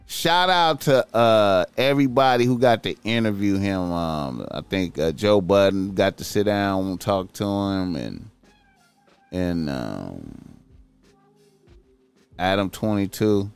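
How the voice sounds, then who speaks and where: Profane, rambling man with lively pitch. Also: slow, vocal fry, clear, resonant tone, faint music behind. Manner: rambling, repetitive, bursts into high-pitched incredulous outbursts. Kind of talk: profane casual commentary.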